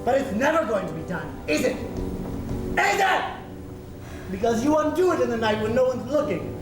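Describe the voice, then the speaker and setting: A man's voice: extremely high pitch, very animated, moderate pace. An actor on stage playing a frantic, jilted man who demands to be married now, theatrical and exasperated. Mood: indignant. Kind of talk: stage play acting. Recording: roomy stage sound from far off, music behind.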